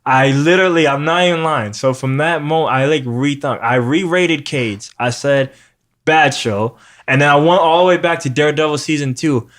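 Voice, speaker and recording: A man's voice: on the high side, a little fast, few pauses. Profane, rambling New man. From New York. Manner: profane, rambling, animated storytelling. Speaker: podcast host. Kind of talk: casual chat.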